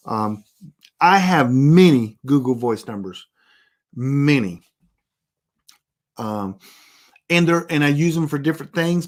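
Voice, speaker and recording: A man giving a casual instructional talk on online privacy, emphatic and rambling, often repeating his warnings. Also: on the high side. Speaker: presenter giving a privacy tutorial.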